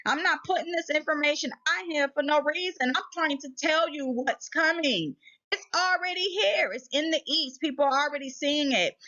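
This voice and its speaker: With a high, somewhat bright voice, a woman from the United States runs a laid-back vlog of spiritual warnings, pressing her points preachily through repeated rhetorical questions. The recording is lo-fi and slightly muffled.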